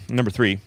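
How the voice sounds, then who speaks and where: A man in his thirties hosting a livestream, giving an energetic, emphatic motivational rant on sales and talking straight to his viewers. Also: mid-range voice, gravelly, slightly rough, no echo, clean studio sound. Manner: energetic, emphatic and ranting, addresses viewers directly. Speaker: livestream host and sales coach.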